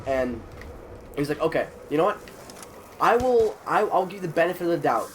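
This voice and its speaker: A congested teenage boy, ill with a cold, speaks briskly in a fairly high voice, with a little hiss or hum in the recording. In casual vlog storytelling, he animatedly relives a school episode, acting out other people's lines.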